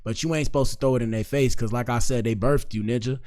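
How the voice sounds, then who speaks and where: A man's voice: mid-range voice, steady tone, fast talker. A young man hosting a casual online reaction show, talking loosely in slang and reading out viewer comments. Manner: loose slangy talk, reads chat shout-outs. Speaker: streamer host reacting to clips.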